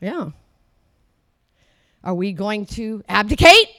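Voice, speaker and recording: An older woman from the United States preaching a fervent sermon, swinging between loud declarations and low, murmured asides. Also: big pitch swings, slow.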